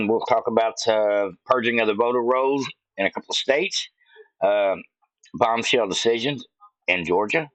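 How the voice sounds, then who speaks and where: A man's voice: mid-range voice, measured pace, a bit bright, no echo, lo-fi sound. Folksy man chatting with many fillers. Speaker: political commentary channel host. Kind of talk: casual chat to viewers.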